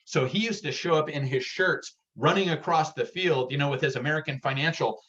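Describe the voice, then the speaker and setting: Excitable man coaching a sales workshop. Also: fairly high pitch, brisk. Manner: energetic, excitable, punchy and direct. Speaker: real estate sales coach. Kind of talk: workshop presentation. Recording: dull lo-fi recording.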